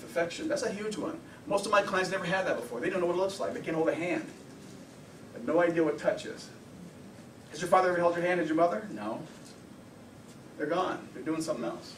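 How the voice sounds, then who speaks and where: A man counseling and lecturing at a workshop, lively and full of rhetorical questions. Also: a little high, fairly quick, pauses often, echoey room, recorded from a distance, a little hiss or hum, rough recording. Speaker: anger management counselor.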